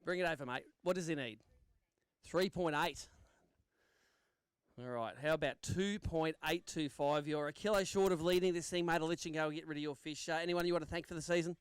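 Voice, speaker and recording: Male MC, upbeat banter, high smooth voice. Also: fairly even intonation, brisk, no echo. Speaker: tournament weigh-in MC. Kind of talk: live event emceeing. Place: outdoor lakeside weigh-in stage.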